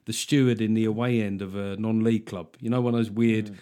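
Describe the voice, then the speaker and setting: A man hosting a comedic podcast, talking in an animated, sweary, joking way. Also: fairly low pitch, fast talker, clear, resonant tone. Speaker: podcast host.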